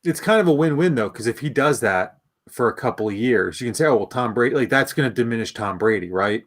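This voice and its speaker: A man's voice: mid-range voice, lively intonation, quick pace. A man co-hosting a fan podcast, talking in a laid-back, rambling way with lots of fillers. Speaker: podcast co-host. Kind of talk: casual chat. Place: home, remote call.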